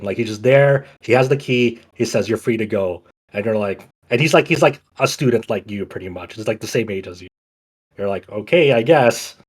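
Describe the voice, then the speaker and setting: A man's voice: mid-range voice, darkish tone. A man on a podcast casually retelling a game's story, rambling with many restarts and the odd curse. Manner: profane, laid-back storytelling. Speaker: podcast co-host. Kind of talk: casual game recap.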